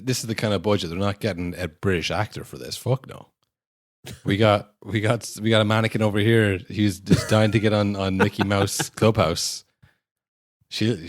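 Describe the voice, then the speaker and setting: Brief: low-voiced male podcast co-host, dry close mic, wry rambling film-review chat. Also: no room sound. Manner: wry, rambling, swears casually.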